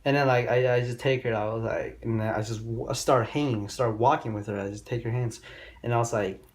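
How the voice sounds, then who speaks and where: A man's voice: medium pitch, fairly even intonation, fairly quick. A young man vlogging dating advice in a loose, rambling, profane storytelling manner with loose grammar. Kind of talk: casual storytelling monologue.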